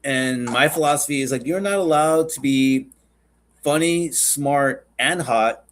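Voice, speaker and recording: A man's voice: medium pitch, a little slow. A man hosting a podcast, chatting casually in a rambling, joking and profane way. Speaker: podcast host.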